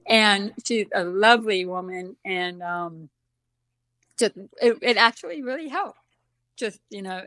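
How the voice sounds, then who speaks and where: A woman's voice: mid-range voice, a bit bright, no room sound. A woman speaks with a deaf accent, some sounds shaped a little differently. She is a chatty interview guest who pokes fun at herself and leans on ums. Her voice sits mid-range and is recorded dry and close. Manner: chatty, self-deprecating, many ums. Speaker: guest author. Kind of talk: casual interview chat.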